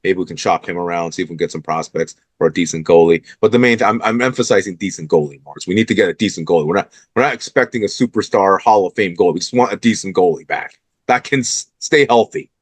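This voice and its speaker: A man's voice: deep voice, fast talker, dry recording. A man hosting a sports talk show, fired up and emphatic as he calls out the team's owners.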